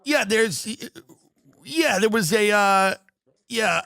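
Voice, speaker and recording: A male livestream host riffs sarcastically through a comedy rant. His pitch swings widely. The sound is dry and close. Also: slow, vocal fry, no room sound. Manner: animated, sarcastic, riffing.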